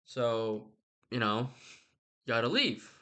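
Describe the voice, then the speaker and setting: A man's voice: mid-range voice, big pitch swings, slow, sharp tone. A man giving a rambling, sweary comic retelling with lots of asides. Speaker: vlogger.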